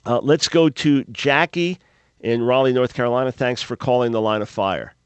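A man hosting a call-in radio show, answering Bible questions in a measured, explanatory way. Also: medium pitch, clean tone, no echo. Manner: measured, explanatory, thoughtful pauses. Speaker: radio talk show host.

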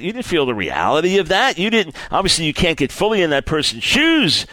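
A man preaching a sermon in an earnest, lively way, often repeating words and stumbling as he builds his point. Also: a little high, a little fast, hardly any pauses, no echo.

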